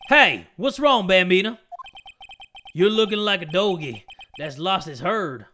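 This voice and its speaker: A man's voice: high-pitched, lively intonation, measured pace, bright, forceful tone, slight background noise, heavily acted. A man doing a drawling cowboy cop. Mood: folksy. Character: laid-back drawling cowboy patrolman.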